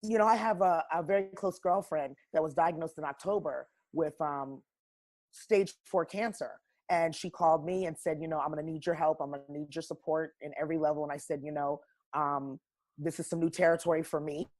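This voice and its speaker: A woman's voice: sits low, steady tone, a little fast, a little mellow. A woman wellness coach talking on a podcast as a guest, emphatic, preachy and blunt. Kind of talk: casual podcast conversation.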